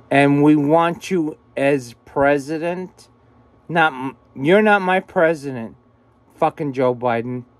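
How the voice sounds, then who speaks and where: A man's voice: a little high, no echo. A man ranting angrily to the camera in a vlog from a room at home, swearing constantly and repeating himself. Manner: agitated, swearing constantly, repetitive. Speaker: vlogger. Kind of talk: angry profane rant to camera.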